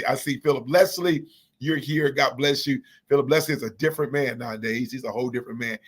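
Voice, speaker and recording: In Indianapolis, a man hosts a church organization's live online chat, energetically naming viewers and blessing them. His voice is medium in pitch and a little bright.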